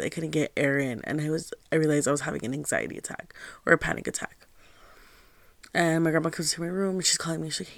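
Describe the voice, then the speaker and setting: A young woman hosting her own show, telling a personal story in a candid, confiding way, with a steady stream of "like". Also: sits low, gravelly, dry recording. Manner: candid and confiding, heavy use of "like". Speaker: podcast host.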